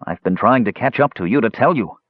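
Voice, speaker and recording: A man's voice: medium pitch, lively intonation, a little fast, no room sound, narrow, tinny audio, pitched above the performer's own voice, lightly acted. A man voicing an earnest, defiant male mage who speaks in an impassioned, pleading way.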